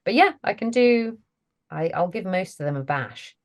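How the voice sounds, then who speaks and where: A woman's voice: medium pitch, lively intonation, normal speed. A woman, a voice actress chatting casually as an interview guest, laughing often and self-deprecating.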